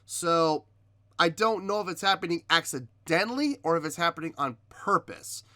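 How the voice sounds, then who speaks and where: A man hosting a reaction video, giving measured critique in casual talk, often pausing with ums and restarting his sentences. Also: a little high, animated, sharp tone, no echo, clean studio sound. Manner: hesitant, many ums and restarts. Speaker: reaction video host reviewing a singer. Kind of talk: casual spoken commentary.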